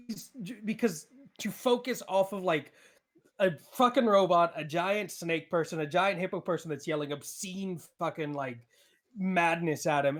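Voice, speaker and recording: A man playing in a tabletop game, chatting excitably, joking and swearing freely. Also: fairly high pitch. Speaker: player. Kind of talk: casual chat at a tabletop game.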